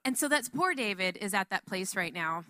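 A woman giving a casual Bible teaching in a chatty, animated way, full of asides. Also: mid-range voice, moderate pace, no echo.

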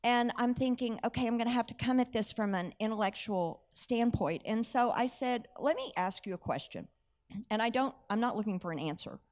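A woman's voice: on the high side, animated, brisk, a little mellow. A woman with a slightly raised voice delivers a sermon as storytelling. She animates each exchange, acts out the dialogue and laughs at her own lines. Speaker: preacher.

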